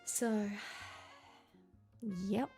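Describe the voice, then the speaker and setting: A woman's voice: drawn-out words, mellow, soft background music. A young woman hosting a livestream, chatting casually and playfully with viewers, laughing often and sounding very tired. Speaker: livestream host. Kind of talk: casual chat reading viewer messages.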